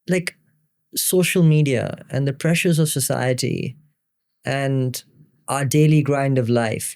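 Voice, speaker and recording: Gravelly podcast host, reflective tone. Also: male voice, mid-range voice, darkish tone. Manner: reflective and affirming. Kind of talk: interview conversation.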